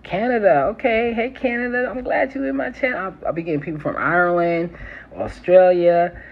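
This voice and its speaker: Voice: medium pitch, steady tone, normal speed. A herbalist from New York with a New York accent, chatting casually on a phone live stream, laughing often and calling the viewers y'all. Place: city home near a train line. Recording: slightly muffled with faint city noise. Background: faint trains and street sounds.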